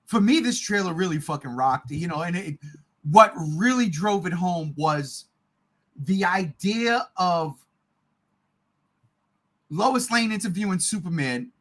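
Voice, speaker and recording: A man co-hosting a podcast, chatting casually and excitedly about movies, swearing often and getting loud. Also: sits high, a little slow, long pauses. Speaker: podcast co-host.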